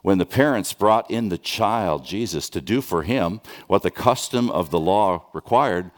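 A man preaching a sermon, conversational with restarts and rhetorical questions, dropping soft and then rising with urgency. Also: low voice, animated, a little slow. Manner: swings from soft, hushed lines to raised, urgent questions. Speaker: pastor.

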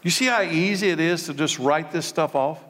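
A man's voice: on the high side, normal speed, fairly bright tone. A male pastor preaching a sermon, emphatic and full of rhetorical questions. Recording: long reverb of a large hall.

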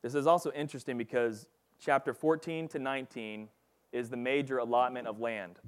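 A man's voice: mid-range voice, steady tone, brisk. A man giving a casual, conversational Bible teaching, reading passages and talking them through with lots of fillers. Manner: casual and chatty, with frequent fillers like "like" and "you know".

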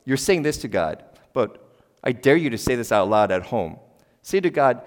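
A man's voice: mid-range voice, very animated, normal speed. A middle-aged male pastor delivers a sermon with an ordinary mid-range voice. He talks to the congregation in a conversational, emphatic way, firing questions at them. His voice carries a long reverb from a church hall. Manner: conversational and emphatic, asks the congregation questions, sudden loud exclamations. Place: church sanctuary.

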